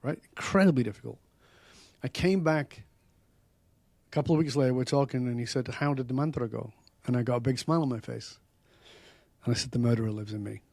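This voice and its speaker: A man speaking as a podcast guest and author, telling stories in an animated, emphatic way that often gets loud. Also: mid-range voice, brisk, vocal fry, long pauses, dry recording. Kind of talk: storytelling interview talk.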